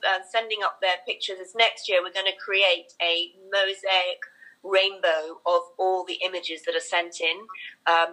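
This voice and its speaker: A woman's voice: fairly low pitch, pushed and bright, poor audio. A woman in an interview, eagerly laying out event plans and filling her talk with ums and restarts. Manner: enthusiastic, lists plans with many fillers. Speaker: racecourse marketing executive. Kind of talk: interview guest.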